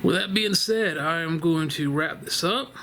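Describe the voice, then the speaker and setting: A man chats loosely about a horror film from his living room couch, wandering off track and swearing bluntly as he goes. His voice sits a little high for a man, and a faint hiss hangs under the home recording. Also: unhurried, bright, forceful tone. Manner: rambling, laughing, blunt and profane. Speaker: vlogger reviewing a horror film. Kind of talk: casual spoken film review.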